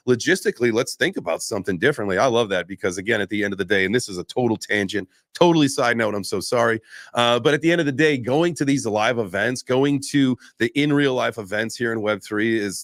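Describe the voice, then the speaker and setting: A man's voice: on the low side, no echo, clean studio sound. A man hosting a casual podcast chat, rambling through tangents and apologizing for them, with a casual curse here and there. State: out of breath. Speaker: podcast host.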